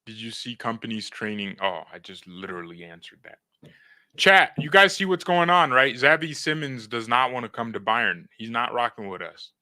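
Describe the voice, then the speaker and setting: A man's voice: mid-range voice, normal speed, bright, forceful tone, no echo. A young man hosting a fan live stream, joking in slang, talking to his chat and reading news aloud. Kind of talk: casual live-stream commentary.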